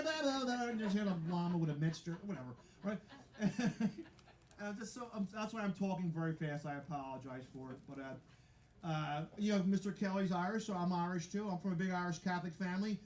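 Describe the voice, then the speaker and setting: Male stand-up comic, high voice, rambling self-mocking delivery, laughs at his own jokes, roomy live venue sound. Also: brisk, a little hiss or hum. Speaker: stand-up comedian. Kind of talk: stand-up comedy set. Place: live comedy venue with audience.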